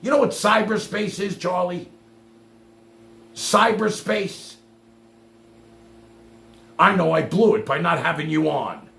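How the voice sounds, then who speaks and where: A man's voice: fairly high pitch, moderate pace, gravelly, hardly any pauses, a bit bright. A man hosting a livestream and ranting at a caller in a sarcastic, profane, combative way. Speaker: livestream host. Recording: echoey room with faint hum.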